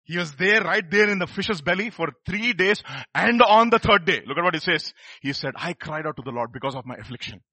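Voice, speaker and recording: A man's voice: high voice, animated, brisk, sharp tone, no echo. A man preaching a sermon, emphatic and firing rhetorical questions at the congregation.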